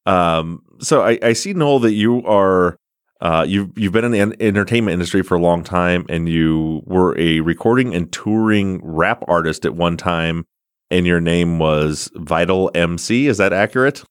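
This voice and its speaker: A man's voice: low-pitched, moderate pace, clean tone, no echo, studio quality. An American man hosting a podcast interview, chatty and rambling, laughing often as he tells stories. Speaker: podcast host. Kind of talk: casual interview chat.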